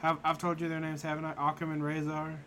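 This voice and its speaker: A man's voice: on the high side, completely flat delivery, fast talker, pushed and bright, slight background noise. A young man hosting a casual podcast, recapping matches in a rambling way full of fillers. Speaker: podcast host recapping wrestling. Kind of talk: casual chat.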